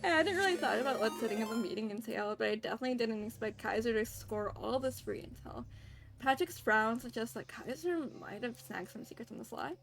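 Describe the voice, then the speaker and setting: A woman's voice: a little high, expressive, fairly quick, vocal fry. A bubbly, chatty woman streaming a visual novel, reading it aloud with giggles and talking to viewers while a little congested, from her home kitchen. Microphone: desk microphone, not wearing headphones.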